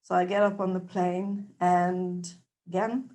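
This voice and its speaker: Animated woman telling a personal story. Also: on the low side, unhurried. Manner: animated, acts out dialogue, loudness swings between soft and emphatic. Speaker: trainee observer giving a testimonial.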